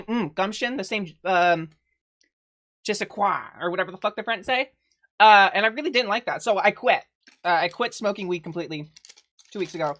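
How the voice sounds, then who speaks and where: This young woman's voice is mid-range, and she's eating while chatting casually on a stream, cursing a lot. The desk mic is close, picking up her bursts of laughter and sudden loud moments.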